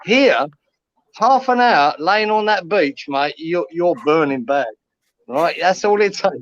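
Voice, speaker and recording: A man's voice: a little high, lively intonation, slow pace, no echo, dull audio. A middle-aged man from England chatting casually on a video call, calling everyone mate. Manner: chatty, says mate a lot. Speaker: West Ham fan chatting on a channel call. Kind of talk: casual chat.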